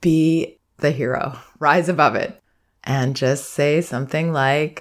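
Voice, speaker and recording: A woman parenting educator giving calm, reflective advice in a monologue, sometimes acting out soothing phrases meant for a child. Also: low-pitched, takes it slowly. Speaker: parenting educator and podcast host.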